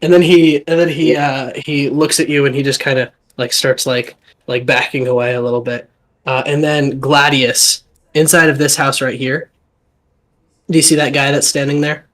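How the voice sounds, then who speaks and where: A man running a live tabletop game as dungeon master, narrating in a halting, rambling way. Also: medium pitch, steady tone, fairly bright tone, low-quality recording. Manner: rambling, halting, lots of fillers.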